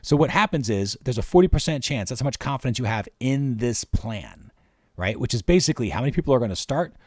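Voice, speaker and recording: A man's voice: mid-range voice, animated, fast talker, darkish tone, no room sound, studio quality. A man hosting a marketing workshop, walking casually through spreadsheet figures step by step. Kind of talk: screen-share workshop explanation.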